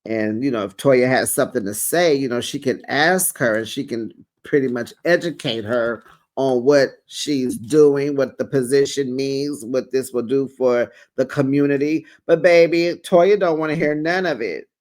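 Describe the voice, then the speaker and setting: A man's voice: medium pitch, normal speed, a little mellow. A man hosting a casual reality TV recap, talking in a sassy, playful gossip style full of slang asides.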